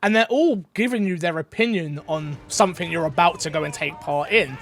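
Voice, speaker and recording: A man casually and enthusiastically sharing first impressions of a game preview, telling anecdotes in an animated way. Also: fairly high pitch, brisk. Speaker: gaming channel co-host.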